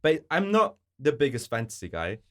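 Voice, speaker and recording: A man's voice: mid-range voice, huge pitch swings, moderate pace, fairly bright tone. A man co-hosting a podcast, chatting casually and enthusiastically, swearing now and then. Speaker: podcast co-host. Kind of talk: casual chat.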